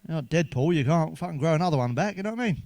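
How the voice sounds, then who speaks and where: A man's voice: on the high side, lively intonation, very fast, a little mellow, no echo. A man telling crude jokes in a sweary monologue, chuckling at his own punchlines. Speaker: stand-up comedian.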